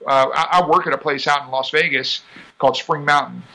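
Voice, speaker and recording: Man, racing driver guest, bright edge, talkative and laughing. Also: on the high side, a little fast, vocal fry, poor audio. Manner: chatty, laughs often, animated asides. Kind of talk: casual interview chat.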